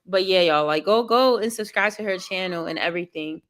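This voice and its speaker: A woman's voice: on the low side, brisk. A woman vlogger chatting candidly with her live viewers, venting with lots of fillers and calling them y'all. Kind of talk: casual chat with live viewers.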